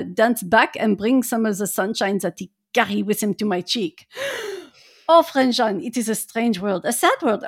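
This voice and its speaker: A woman reading the part of a grieving old male professor who speaks in halting, broken English and laughs through his lines. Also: on the high side. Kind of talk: dramatic reading aloud.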